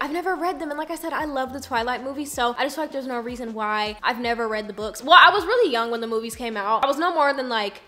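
A woman in her twenties chatting casually to camera in a vlog, animated and full of slang. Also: a little high. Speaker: vlogger.

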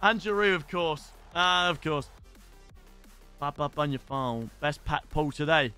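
Young man, high voice, bright tone, streaming chatter, faint music behind. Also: unhurried, clean tone. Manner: excitable, shouts at pack pulls, swears. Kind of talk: casual live-stream chat.

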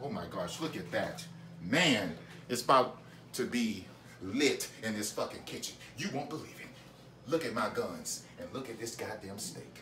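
A man hosting a comedic home cooking show, cursing and excitable, laughing as he goes. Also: fairly low pitch, moderate pace, slight background noise. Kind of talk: profane comedic cooking demo. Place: home kitchen. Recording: echoey room miked from a distance.

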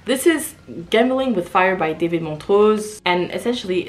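Lively chatty woman showing a book haul. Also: medium pitch, normal speed, faint music behind. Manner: chatty, reads book blurbs aloud, exclaims. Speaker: book vlogger. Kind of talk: casual book haul chat.

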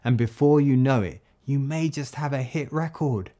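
A man from the UK teaching a songwriting tutorial, explaining step by step and reading lines slowly in rhythm. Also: mid-range voice, mellow. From United Kingdom. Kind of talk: friendly tutorial.

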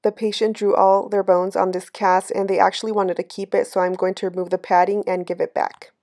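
A woman narrates her day applying and removing casts in a steady, matter-of-fact voice-over. Her voice is mellow and dark, with very little rise and fall. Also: medium pitch, fairly quick. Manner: calm, matter-of-fact explaining. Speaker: orthopedic cast technician vlogger.

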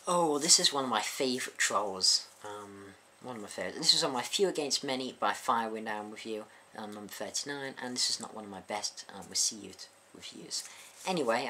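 A young man talks straight to camera in a loose, chatty vlog. His voice is bright and sharp-edged. He sounds openly bewildered and keeps asking exasperated questions. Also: medium pitch, slight background noise. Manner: baffled, exasperated, full of rhetorical questions. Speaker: YouTube music reviewer. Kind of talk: casual vlog commentary.

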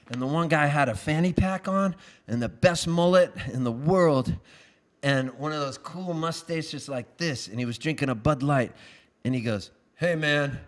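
High-voiced man singing and telling stories. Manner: wry, self-mocking storyteller. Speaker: singer-songwriter. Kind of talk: live song and comic storytelling. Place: live performance with guitar.

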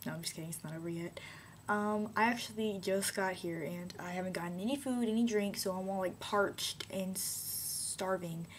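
A woman's voice: medium pitch, normal speed, a little hiss or hum. A woman rambling playfully in a casual video diary, giggling often. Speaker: vlogger.

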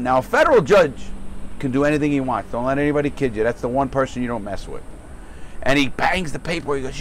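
Profane, animated male storyteller. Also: medium pitch, fast talker, a little hiss or hum. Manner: profane, animated storyteller acting out courtroom voices. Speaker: podcast host. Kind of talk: casual storytelling chat.

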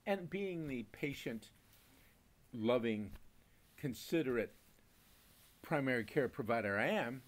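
With long pauses and an unhurried pace, this older man from Maine speaks in an expressive mid-range voice. Hosting his home beer review, he meanders casually from story to story, laughing frequently and swearing a little.

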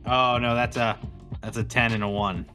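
A man's voice: medium pitch, fairly even intonation, moderate pace, pushed and bright, soft background music. A man playing a tabletop game in character, joking and goofy. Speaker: player.

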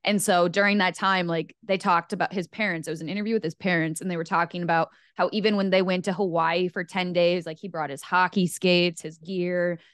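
A woman's voice: on the low side, fairly even intonation, brisk, few pauses, fairly bright tone, clean tone, no room sound, studio quality. A young woman, co-hosting a hockey podcast and telling stories with enthusiasm. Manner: enthusiastic, storytelling. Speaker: podcast co-host. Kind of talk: casual hockey podcast chat.

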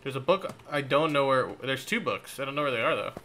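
A man's voice: medium pitch, quick pace, bright, forceful tone, slight background noise. A man streaming a game from home, tipsy, loose and rambling as he jokes with his chat.

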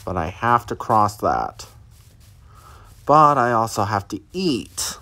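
Man, let's play commentary, talks to viewers, very expressive pitch, slow pace. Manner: chatty, reactive, addresses viewers directly. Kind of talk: live gameplay commentary.

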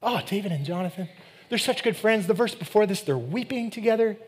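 A man's voice: sits high, expressive, fairly quick, pitched above the performer's own voice. A preacher voicing a gushing, sentimental man cooing over a friendship in a syrupy, exaggerated way.

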